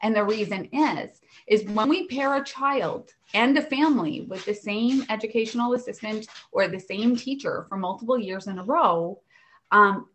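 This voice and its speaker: Chatty woman telling work stories. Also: medium pitch. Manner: lively, chatty, animated storyteller. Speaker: special education worker. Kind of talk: storytelling in conversation.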